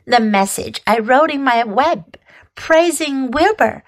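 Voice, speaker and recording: A woman's voice: high-pitched, animated, exaggerated voice. A woman voicing a wise, bossy female spider who runs a barn meeting in a storybook reading. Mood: matter-of-fact. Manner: brisk, orderly, a little impatient.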